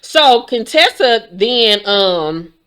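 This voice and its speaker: A woman in her forties, tired and yawning, recapping a reality show in casual, animated talk full of swearing and laughter. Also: fairly high pitch, extremely slow, clear, resonant tone. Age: 40s.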